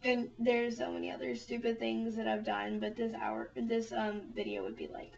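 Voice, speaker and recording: A woman's voice: a little high, lively intonation, normal speed, creaky, darkish tone. Rambling, giggly young woman on a far-off mic. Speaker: vlogger. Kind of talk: casual storytelling. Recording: distant, dull lo-fi home recording.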